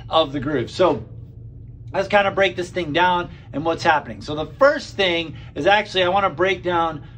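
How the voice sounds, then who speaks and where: High-voiced man teaching drums. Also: moderate pace, a little hiss or hum. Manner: relaxed, counts beats aloud and vocalizes rhythms. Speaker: drum teacher. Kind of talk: casual drum lesson. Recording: loud drum kit playing behind. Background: drum kit.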